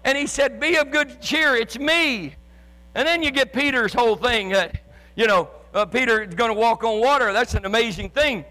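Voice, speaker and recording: A man preaching with fervor in a very high, piercing voice, often rising to a shout and tripping over repeated words as he pushes on. His sermon carries a long reverb, as if it fills a large church sanctuary. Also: brisk. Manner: impassioned preaching, often shouting, with stammered restarts. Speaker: pastor. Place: church sanctuary with live and online congregation.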